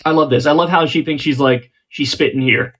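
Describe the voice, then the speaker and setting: Male video commentator, slightly high voice, sarcastic and incredulous. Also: fairly even intonation, fairly quick, a bit bright. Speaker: political commentator in played video.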